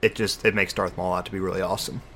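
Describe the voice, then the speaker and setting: A man's voice: low-pitched, level tone, very fast, a bit bright. A man co-hosting a podcast in casual chat, rambling with frequent restarts. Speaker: podcast co-host.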